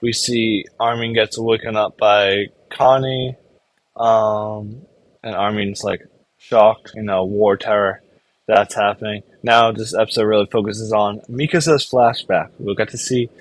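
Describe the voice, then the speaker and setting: A man's voice: fairly low pitch, steady tone, moderate pace. A man casually recapping anime episodes in a rambling way, filling his talk with "like" and briefly acting out characters' lines. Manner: rambling, filler-heavy, full of "like". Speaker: anime reviewer.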